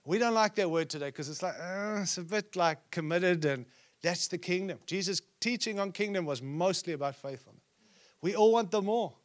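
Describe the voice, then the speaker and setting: A man preaching a sermon at a conference, acting out scripture quotes and dropping to a hush at times. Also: high-pitched, normal speed. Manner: preaching with sudden drops to a hushed voice; acts out quoted speech from scripture stories. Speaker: conference speaker. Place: conference hall.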